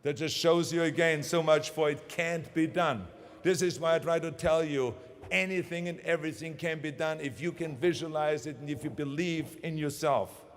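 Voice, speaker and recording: A man's voice: fairly high pitch, normal speed, long reverb tail, slight background noise. A man in his sixties with a German accent, giving a motivational commencement speech, emphatic and driving his points home by repeating phrases. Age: 60s. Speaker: commencement speaker. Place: large ceremony venue.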